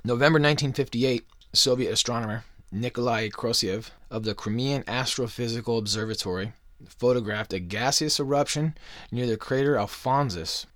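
A man's voice: mid-range voice, normal speed, fairly bright tone, no echo, clean studio sound. Foul-mouthed man ranting on a podcast. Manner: crude, swearing constantly, mocking, jokey asides. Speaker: podcast host. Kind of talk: profane conspiracy podcast monologue.

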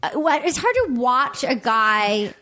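A woman hosting a casual podcast chat, excitable and quick to quote others. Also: fairly high pitch. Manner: excitable, quotes people in put-on voices. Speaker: podcast host.

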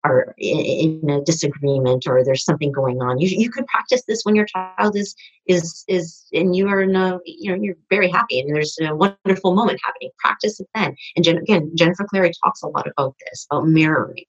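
This woman has a low, husky voice and talks fairly quickly with few pauses, and the audio's high frequencies are cut off. She's a podcast guest in a conversational interview, rambling along with many restarts and fillers.

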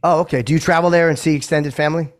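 A man's voice: a little high, steady tone, very fast. A man co-hosting an interview show, asking curious, rambling questions. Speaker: co-host. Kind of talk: casual interview chat.

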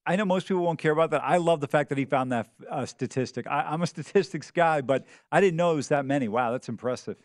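A man's voice: a little high, fast, few pauses, dry recording, clean studio sound. A man co-hosting a sports betting show, talking in an emphatic, jokey, opinionated way. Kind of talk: casual sports talk.

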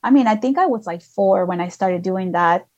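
A woman with a middle-pitched voice tells personal stories as a podcast guest. Her talk is chatty and loose, full of "like" fillers, and she comes from outside the United States. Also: moderate pace, a little mellow, muffled recording. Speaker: guest, spiritual healer and channeler. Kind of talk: casual conversational storytelling.

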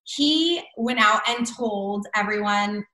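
A woman's voice: mid-range voice, slow, sharp tone, roomy sound, low-quality recording. A woman telling a personal story in casual chat, full of "like" and "I'm like" fillers. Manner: chatty, many fillers and "like". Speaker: guest.

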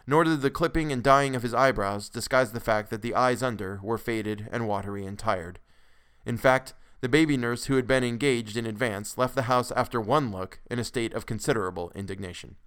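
A man narrating a classic story as a podcast host, in a measured, expressive way. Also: mid-range voice, clear, resonant tone. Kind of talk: dramatic storytelling reading.

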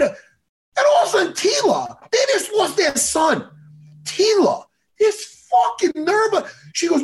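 Gravelly, animated man ranting. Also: very high-pitched, unhurried. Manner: animated profane ranting, excitable. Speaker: podcast co-host. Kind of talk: casual chat.

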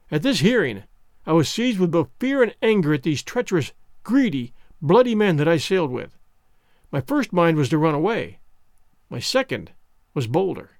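A male audiobook narrator tells a classic adventure in the first person. His reading is expressive, moving through a lively, wide pitch range on a slightly high voice. The recording is dry and close. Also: normal speed, dry recording. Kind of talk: scripted narration of a classic novel.

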